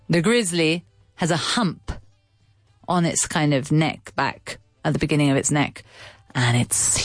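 A woman's voice: low voice, dry recording, clean studio sound. A woman telling a story in a casual, chatty way as an English teacher, stopping to explain words as she goes. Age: adult with a child.

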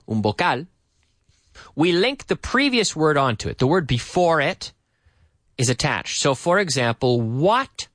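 A man's voice: fairly high pitch, fairly bright tone, no echo, clean studio sound. A man teaching English to Spanish speakers, drilling short questions and answers over and over and explaining how native speakers link words. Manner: drills example phrases, repeating questions and answers.

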